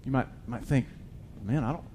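A man preaching a sermon, reading scripture and paraphrasing it casually, swinging from loud emphatic bursts to hushed asides. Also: medium pitch, moderate pace, a little hiss or hum.

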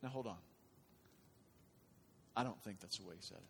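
A man preaching a sermon, shifting from quiet, conversational talk to loud, impassioned urging. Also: low voice, normal speed, creaky, slight background noise. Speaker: pastor. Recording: long reverb of a large hall.

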